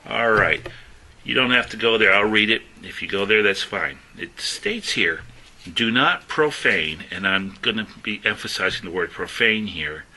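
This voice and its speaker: Man, middle-aged, lay preacher, informal sermon, very deep voice, husky, self-correcting. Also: moderate pace, sharp tone, rough recording. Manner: conversational, self-interrupting, stresses words when reading scripture. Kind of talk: informal sermon with scripture reading.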